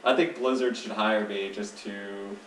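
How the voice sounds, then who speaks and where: A man's voice: lowish voice, fairly even intonation, measured pace. A man chatting and joking while commentating a video game. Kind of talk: casual let's-play commentary. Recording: echoey room, mic at a distance, faint noise.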